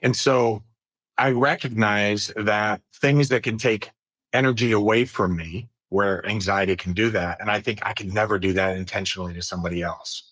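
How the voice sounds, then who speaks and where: A man speaks as a podcast guest in an earnest, measured voice, slightly low in pitch. He thinks aloud with an occasional filler. The recording is close and dry. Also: fairly even intonation, fairly bright tone, no echo. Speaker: podcast guest, business executive. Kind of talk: reflective conversational interview.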